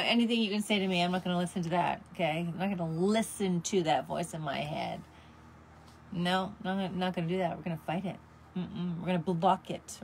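Middle-aged woman host, slightly low voice, upbeat and encouraging, sings snippets. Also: slight background noise. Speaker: show host. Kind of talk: motivational talk.

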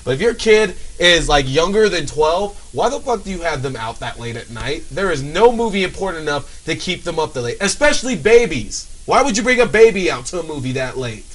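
A man's voice: fairly high pitch, big pitch swings, brisk, hardly any pauses, a bit bright, poor audio. A young man on a casual talk show, ranting with exasperation and swearing, sometimes mimicking other people. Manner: exasperated, profane, mimics people in put-on voices. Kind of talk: casual comedic rant.

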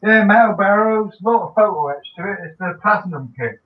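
A man's voice: high voice, a little fast. Hesitant man, distant tinny call. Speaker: guest on a live stream. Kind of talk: casual chat.

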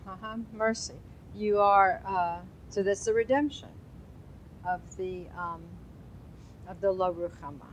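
A woman's voice: medium pitch, slight background noise, rough recording. A woman teaching an informal Hebrew Bible lesson, chatty and quizzing her class. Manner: chatty, asks the class questions, loose asides.

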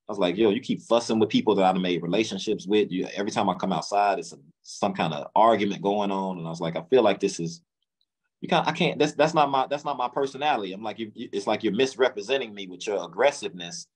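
Low-voiced man telling his story. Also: husky, low-quality recording. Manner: casual, drawling, acts out past dialogue. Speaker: interview guest. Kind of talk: candid storytelling.

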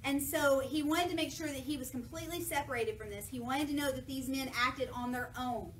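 A woman preaching a lively sermon, retelling scripture casually and acting out the voices of people in it. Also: high-pitched, a little fast. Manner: lively, jokey, acts out voices of people in the story. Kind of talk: sermon with playful paraphrase. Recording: echoey church from a distance, faint noise.

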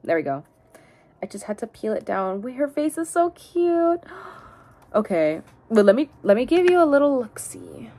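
A young woman chatting through an unboxing, bubbly and full of cutesy baby talk, swinging from high squeals to quiet mumbles. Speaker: unboxing vlogger. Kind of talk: casual unboxing chat.

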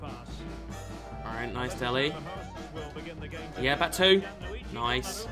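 A young man giving sweary, excitable commentary over his own gameplay, swinging from mutters to shouts. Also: mid-range voice, drawn-out words. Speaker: gaming YouTuber. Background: background music.

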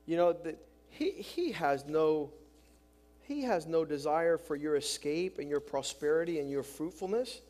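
A man's voice: fairly high pitch, lively intonation, a little slow, darkish tone. A man preaching a sermon as pastor, acting out quotes with drama and often repeating his words.

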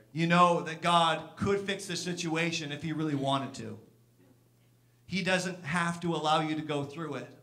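A pastor preaching a sermon in church, earnest, sometimes acting out the complaints of the people he speaks about. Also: bright, forceful tone. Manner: earnest, acts out Martha's complaints with raised pitch.

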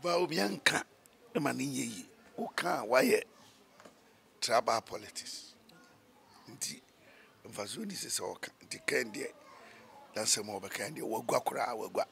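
Man, gravelly voice, mid pitch, opinionated co-host, emphatic. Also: lively intonation, unhurried, long pauses, a bit bright. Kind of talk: casual political chat.

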